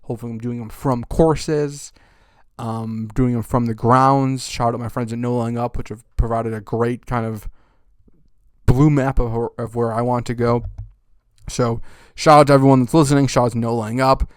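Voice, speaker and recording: Brief: young male golf podcast host, profane ranter, smooth clear voice, dry close sound. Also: medium pitch, steady tone, normal speed, no echo. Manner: swears constantly, rants loudly, then winds down. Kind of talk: profane ranting recap.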